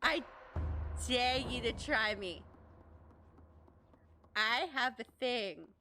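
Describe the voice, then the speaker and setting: A woman streamer gives playful, giggly commentary over her gameplay. Her voice sits high and swings widely, bright and unhurried. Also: lively intonation, faint music behind. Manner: giggly, playful, scolds the game out loud.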